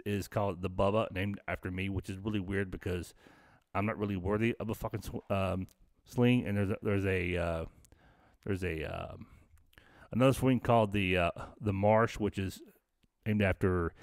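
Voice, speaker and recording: A man's voice: sits low, gravelly, dry recording, clean studio sound. A middle-aged man from the Southern United States hosting a live stream, telling a long rambling story full of swearing, fillers and restarts. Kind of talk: casual storytelling.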